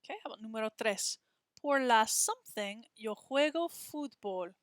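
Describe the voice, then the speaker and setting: A woman teaching a Spanish textbook lesson, spelling words out letter by letter and saying them slowly to model pronunciation. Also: a little high, lively intonation, no echo, studio quality.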